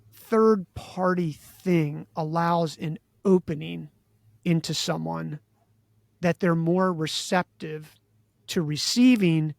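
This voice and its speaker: Brief: male interview host, gravelly, dry close sound, musing and halting delivery. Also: fairly high pitch, dry recording. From Maryland. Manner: musing, halting, many restarts. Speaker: podcast host. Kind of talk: casual interview chat.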